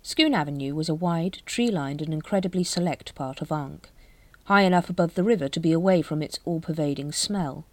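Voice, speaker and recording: Woman reading an audiobook, low voice, very dry close sound. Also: a little fast, no echo. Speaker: audiobook narrator. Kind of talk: scripted narration.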